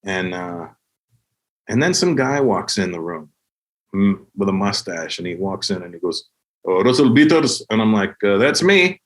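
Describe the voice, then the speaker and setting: A man's voice: deep voice, normal speed. A man, a comedian, telling a long anecdote with profanity, acting out every line of dialogue. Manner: animated, profane, acts out the dialogue. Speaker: comedian guest. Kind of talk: comic storytelling anecdote.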